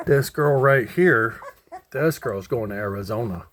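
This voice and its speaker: A man giving a casual video update on a litter of puppies, talking to them fondly in soft baby talk. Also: on the low side, expressive, measured pace, slight background noise. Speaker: dog breeder.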